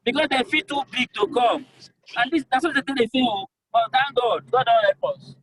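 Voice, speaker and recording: Here the same kind of speaker, a young governorship aspirant with a Nigerian accent, fields voters' calls in a very high, slightly bright voice at a somewhat fast clip. He pleads and repeats himself for emphasis; the recording is rough.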